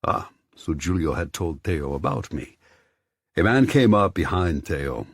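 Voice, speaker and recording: A very low, husky male voice reads a first-person story in measured, even steps. It sits dry and close to the mic, with nothing around it. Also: dry recording. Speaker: audiobook narrator. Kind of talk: scripted first-person narration.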